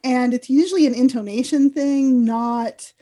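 American woman on a podcast, kinda mellow voice, lots of likes and you knows. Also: sits high, moderate pace. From United States. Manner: enthusiastic, fillers like "like" and "you know". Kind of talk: casual podcast chat.

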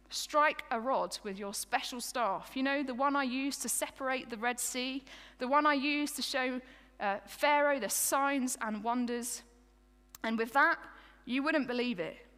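A woman's voice: a little high, sharp tone, in a large hall. A woman voicing Moses in the first person, a worn-out male leader who is exasperated with his grumbling people and pleads with God.

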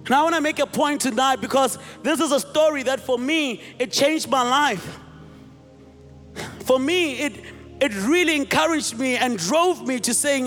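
A male pastor preaching with a very high voice, retelling a scene in lively, animated storytelling. He slips into acted-out voices and calls out to the congregation. His voice rings through a reverberant hall over faint music. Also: moderate pace. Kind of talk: sermon.

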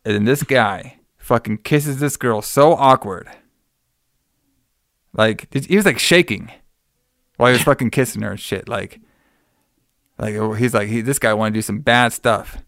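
A man's voice: medium pitch, normal speed, pauses often, a bit bright, dry recording, clean studio sound. A man casually recapping a horror movie plot with a podcast co-host. He rambles, swears often and fills his speech with "like" and "you know". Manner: rambling, profane, many fillers.

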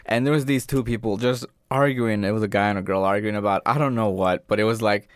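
A man co-hosting a casual podcast, telling a rambling story full of pauses. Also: on the low side, steady tone, smooth, no room sound, clean studio sound. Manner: rambling, hesitant with fillers. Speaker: podcast co-host.

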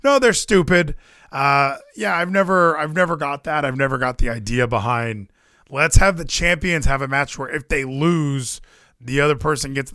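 A man co-hosting a casual chat, talking in excitable rants. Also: on the high side, dry recording, studio quality. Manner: excitable, quick rants with laughs. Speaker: podcast co-host.

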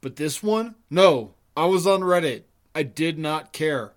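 A man's voice: a little high, expressive, measured pace. Joking, swearing man podcast co-host. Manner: joking, profane, emphatic. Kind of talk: casual podcast chat.

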